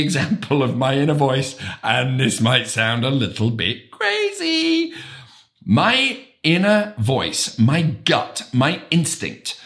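A middle-aged man, a real estate broker, giving an emphatic, animated motivational talk. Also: a little high.

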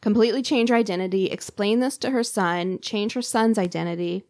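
A woman's voice: medium pitch, a little fast, darkish tone, no room sound, clean studio sound. Casual woman telling a crime story. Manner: conversational, lots of "like" and fillers. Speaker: podcast host telling a true crime story.

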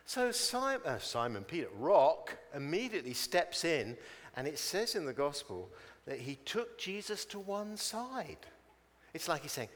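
A man's voice: on the high side, big pitch swings, unhurried, a bit bright, in a large hall. A man preaching a chatty sermon, telling stories and acting out their people in voices.

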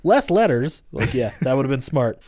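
A man's voice: mid-range voice, sing-song, normal speed, a little mellow, no echo. Man, casual movie podcast chat, chuckling, profane, dry close sound. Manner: laughing, profane, retells scenes with quoted lines. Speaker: podcast co-host.

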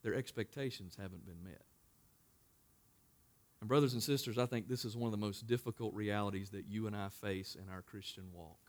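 A man preaching a sermon as pastor, swinging from loud emphatic passages to quiet hushed asides and raising his voice to act out quotes. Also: fairly low pitch, fairly quick. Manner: acts out biblical quotes in a raised voice.

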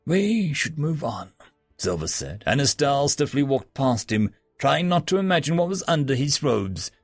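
A man's voice: mid-range voice, sing-song, normal speed, no echo, faint music behind. A man narrating a fantasy story as an audiobook.

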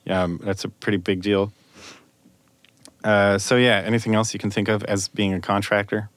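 A man who works as a sound designer, hosting a casual podcast chat and explaining things in a measured way. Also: fairly low pitch, little pitch movement, dry recording.

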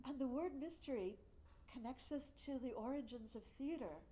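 A woman's voice: high voice, moderate pace, dark tone, poor audio. A woman interviewing a guest, adding thoughtful comments in a conversational way.

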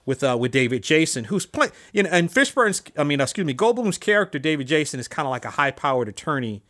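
Lively man in casual film talk. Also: a little high, fast talker.

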